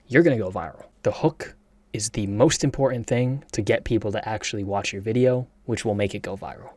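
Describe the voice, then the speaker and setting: A hyped young man coaching viewers on online selling, his low voice sitting close and dry in an indoor desk setup. He talks in a fast, slangy, casual way and keeps tossing in "right?". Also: no room sound. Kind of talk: casual tutorial talk to camera.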